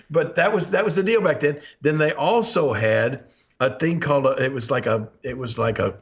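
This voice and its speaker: A man's voice: a little high, normal speed. A man in his sixties with a Southern American accent, hosting a podcast and telling stories with frequent chuckles and acted-out quotes. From Memphis, USA. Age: 60s. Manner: chuckles often, animated, acts out quotes. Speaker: podcast host. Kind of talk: anecdotal storytelling. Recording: dull lo-fi podcast audio.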